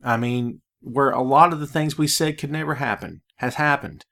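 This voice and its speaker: A man's voice: mid-range voice, moderate pace, gravelly, a bit bright. A man hosting a solo podcast in a casual, laid-back way, often tossing in "man" and drifting into friendly preaching. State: out of breath. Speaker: podcast host.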